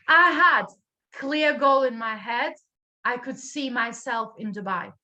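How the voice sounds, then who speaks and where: A woman's voice: a little high, a little slow, bright, forceful tone. A woman from Latvia with a Latvian accent, telling a motivational story at a business training and acting out the dialogue with emphatic energy. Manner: drops articles in English.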